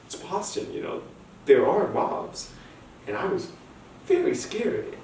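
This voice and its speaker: A young man telling a stand-up story with animated, nervous repetitions and restarts. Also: fairly high pitch, takes it slowly, gravelly. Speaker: stand-up comedian. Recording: echoey room, distant mic, faint noise.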